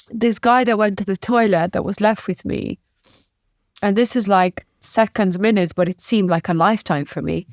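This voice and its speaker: A woman with a mid-range voice, recorded dry and up close, tearfully recounts a story as a podcast guest. The interview retelling is halting and emotional, full of restarts.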